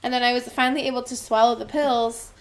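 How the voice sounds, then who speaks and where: A woman's voice: a little high, steady tone, fast. A young woman co-hosting a casual podcast, telling rambling funny stories full of "like" fillers. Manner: chatty storyteller, lots of "like" fillers. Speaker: podcast co-host. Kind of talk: casual chat.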